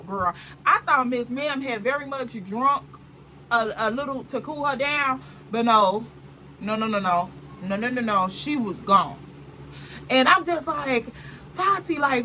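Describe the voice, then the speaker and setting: A woman vlogger telling a dramatic story in casual chat, animated and full of asides to the viewer. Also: high voice, a little hiss or hum, rough recording.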